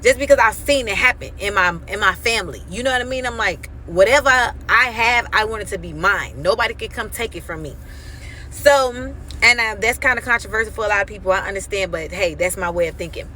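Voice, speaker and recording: A woman in her thirties giving an animated, emphatic faith testimony on her vlog, acting out quoted dialogue as she tells the story. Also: fairly high pitch, slight background noise. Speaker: vlogger.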